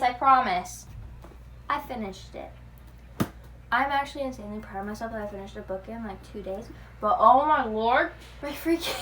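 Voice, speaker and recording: Giggly young woman on a noisy phone. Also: a little high. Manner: chatty, giggly, rambling. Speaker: vlogger. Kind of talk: casual reading vlog.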